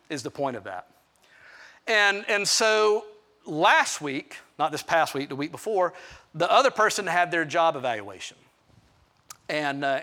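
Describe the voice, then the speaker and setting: A man's voice: on the high side, pushed and bright. A middle-aged male pastor preaching through a personal story, candid and self-deprecating, with asides to the listeners. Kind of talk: storytelling sermon.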